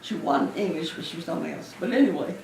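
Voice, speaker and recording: Talking fast with lively intonation, this woman in her eighties has a lowish, creaky voice, captured in an echoey room on a distant mic with a little hiss or hum. A former Navy nurse, she warmly recounts memories in an interview, chatting and laughing often.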